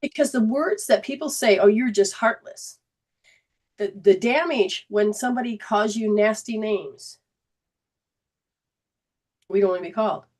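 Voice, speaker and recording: A woman at a middle pitch, earnest and searching as she tells a story and keeps restarting her sentences. She hosts a casual talk about emotional healing. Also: moderate pace, long pauses, darkish tone. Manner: earnest storytelling, quotes others, frequent restarts. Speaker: host, energy healer.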